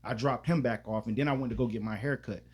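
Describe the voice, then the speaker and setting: A man's voice: medium pitch, fast, husky. A man co-hosting a podcast, telling a loose, profane, rambling story in casual chat with lots of restarts. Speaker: podcast co-host.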